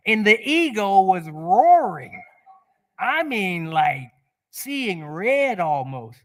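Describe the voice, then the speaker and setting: A man's voice: high-pitched, drawn-out words. A man giving a spiritual sermon to a congregation, telling a personal story with animation and laughing at himself. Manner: animated, laughs at his own stories. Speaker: guest speaker. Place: church sanctuary.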